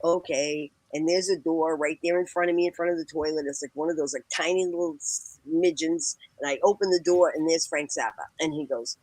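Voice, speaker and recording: A woman, telling a lively story as a podcast guest and acting out the voices in it. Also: sits low, a little fast, hardly any pauses, no room sound, poor audio. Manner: acts out quoted voices, laughs often. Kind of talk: animated anecdote telling.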